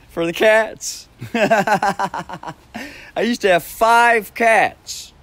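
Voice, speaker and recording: A man with a high, fairly bright voice draws out his words while telling a rambling story at his home beside a backyard shed. He laughs often between phrases, swears freely and restarts frequently, with no echo.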